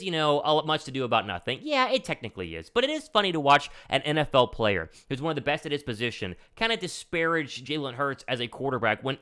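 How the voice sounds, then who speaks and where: A young man hosting his own sports show, talking excitedly and quickly about football news. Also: mid-range voice, clean tone. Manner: excited, fast-talking, animated. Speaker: show host. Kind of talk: energetic sports commentary.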